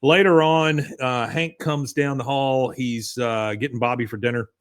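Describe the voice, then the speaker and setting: A man co-hosting a podcast, casually recapping an episode and acting out characters' lines in a higher voice. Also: steady tone, normal speed, clear, resonant tone. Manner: retells scenes, acting out lines with raised pitch. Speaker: podcast co-host.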